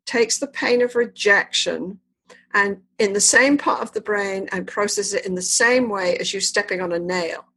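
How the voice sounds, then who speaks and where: A woman's voice: medium pitch, normal speed, pushed and bright, breathy edge, rough recording. A woman therapist in a conversational interview, explaining relationships with emphatic, vivid storytelling. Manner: retells therapy sessions with vivid acted-out dialogue. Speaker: therapist guest.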